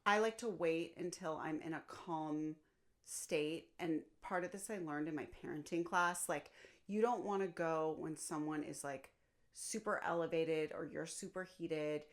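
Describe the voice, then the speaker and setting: A woman's voice: deep voice, unhurried. A woman co-hosting a podcast, chatting casually and bluntly, with some swearing. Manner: blunt, expressive, swears freely. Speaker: podcast co-host. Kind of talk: casual chat.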